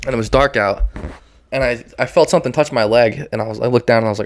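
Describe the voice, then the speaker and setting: A man's voice: medium pitch, quick pace. A man co-hosting a casual chat from home, telling loose stories with lots of swearing. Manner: loose storytelling, heavy swearing. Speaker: podcast co-host. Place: house with windows open.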